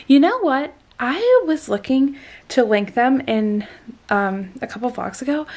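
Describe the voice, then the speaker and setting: A woman's voice: on the high side, darkish tone. A woman in her twenties chatting casually in a vlog, gushing and breathless, with lots of fillers. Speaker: vlogger.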